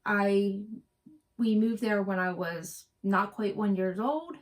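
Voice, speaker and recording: A woman's voice: medium pitch, steady tone, slow. A middle-aged woman from West Virginia co-hosting a cross-stitch vlog, chatting and telling rambling stories. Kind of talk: casual chat.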